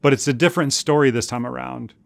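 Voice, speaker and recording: A man's voice: mid-range voice, vocal fry, no room sound. Earnest male pastor, dry close sound. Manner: earnest, deliberate, with emphatic repetition. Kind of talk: sermon.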